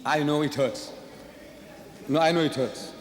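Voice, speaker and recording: A man's voice: a little high, a little slow. A man debating in a public speech, making his points with emphatic repeated rhetorical questions. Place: large lecture hall. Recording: echoey hall, faint ambience.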